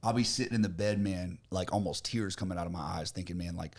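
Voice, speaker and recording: A young man from Florida talking on a podcast, brash and boastful, swearing a lot and swinging from loud bragging to quiet worry. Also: low-pitched, quick pace, crowd noise. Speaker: podcast host, business owner. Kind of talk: casual chat.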